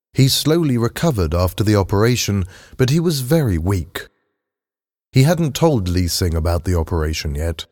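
A man narrating a story aloud in a steady, unhurried reading. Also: fairly low pitch. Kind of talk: audiobook narration. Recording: long hall reverb.

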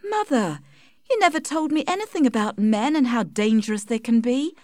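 A woman's voice: a little high, expressive, moderate pace, darkish tone, dry recording, studio quality, voice pushed up, natural voice. A woman voicing a young village woman, ashamed and bitter, tearful and pleading in a raised voice. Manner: tearful, pleading, rising to anger.

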